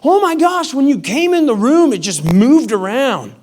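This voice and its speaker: A man voicing his startled wife in a high, exclaiming voice. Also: big pitch swings, normal speed, a little mellow. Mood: worried. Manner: shrill and exclaiming. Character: startled, fearful wife, high-pitched woman.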